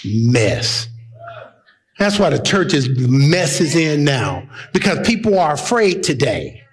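A man preaching a fiery sermon as pastor, impassioned and at times shouting. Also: a little high, very animated, slow pace. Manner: impassioned, rising to shouts, mocking voices of critics.

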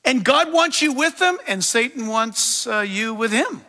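A middle-aged male pastor preaching an animated, emphatic sermon with humorous asides. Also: very high-pitched, a little slow, in a large hall.

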